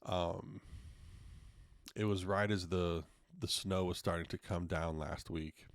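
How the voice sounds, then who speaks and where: A man's voice: low voice, steady tone, slow pace, no room sound, studio quality. A man hosting a podcast, telling stories in casual solo talk, frank and a bit profane. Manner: frank, profane, acts out quotes in retelling. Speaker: podcast host.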